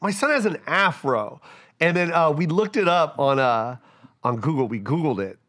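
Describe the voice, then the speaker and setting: A man's voice: a little high, animated, normal speed, fairly bright tone. A middle-aged man, a guest comedian, telling loose stories in casual podcast chat, laughing and swearing freely.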